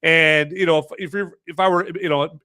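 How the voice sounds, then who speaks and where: A man's voice: fairly high pitch, steady tone, normal speed, pushed and bright, no echo, clean studio sound. A man hosting a live podcast, chatting casually in a rambling, self-mocking way with jokey asides. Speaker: podcast host reviewing movies and beer. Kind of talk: casual live-stream chat.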